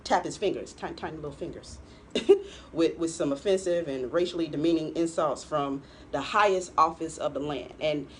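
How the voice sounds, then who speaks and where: A woman's voice: low-pitched, moderate pace, a little hiss or hum. A woman co-hosting a political talk show, giving pointed commentary and laughing often. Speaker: co-host.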